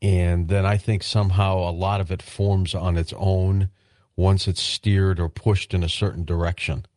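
A man's voice: low-pitched, little pitch movement, a little slow, darkish tone, dry recording. A man hosting a late-night call-in radio show, easygoing and curious, weighing his answers thoughtfully at a studio microphone. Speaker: radio talk show host.

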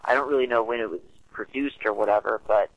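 A man's voice: fairly low pitch, fast, no room sound. Guy giving his honest take on a movie, lots of restarts, muffled lo-fi dry audio. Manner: earnest, hesitant with restarts. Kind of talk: casual film discussion.

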